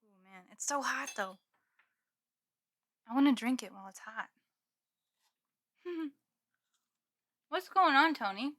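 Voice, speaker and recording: A woman's voice: high-pitched, animated, slow pace, long pauses, bright, forceful tone. A woman chatting casually on a live stream from her room at home, giggling and swearing now and then while she snacks. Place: home room with green screen.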